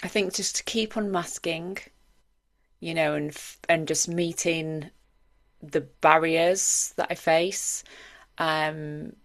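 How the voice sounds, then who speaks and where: A woman's voice: sits low, fairly even intonation, takes it slowly. A woman in her forties, co-hosting a podcast in earnest, reflective casual chat. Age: 40s. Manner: earnest and reflective, talks in long run-on thoughts. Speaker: podcast co-host.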